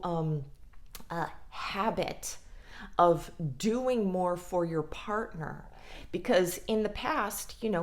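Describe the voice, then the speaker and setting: A woman vlogger talking casually about mental health in a blunt, frank way, swearing freely. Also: on the low side. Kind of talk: casual talk to camera.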